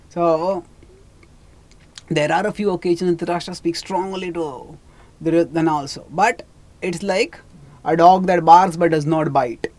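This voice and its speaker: A spiritual teacher retells an epic story in a sermon, in a voice pitched at an ordinary middle height. The speaker halts and restarts often, stumbling over names and stopping for small asides. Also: a little mellow. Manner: halting, with many restarts and asides.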